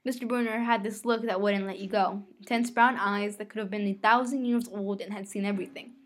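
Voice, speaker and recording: A woman's voice: medium pitch, fairly even intonation, brisk. A woman reading a novel aloud, telling the first-person story in a conversational way. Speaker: reader.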